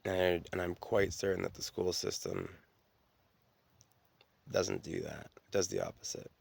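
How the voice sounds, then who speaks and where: A man's voice: sits low, big pitch swings, measured pace, gravelly, husky, no echo. A man telling stories in a rambling, profane, stream-of-consciousness solo monologue, often restarting his sentences.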